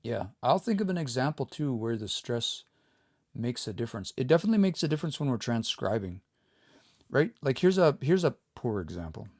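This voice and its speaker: A man giving a relaxed livestream language lesson, explaining patiently and thinking aloud as he reads out viewer comments. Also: medium pitch, fairly quick, dry recording, clean studio sound. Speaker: language teacher.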